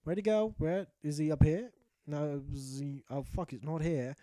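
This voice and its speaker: A man's voice: on the high side, normal speed, no echo, natural voice. A man playing a brash, cursing knight. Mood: frantic. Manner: profane, excitable, boastful. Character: brash foul-mouthed male knight adventurer.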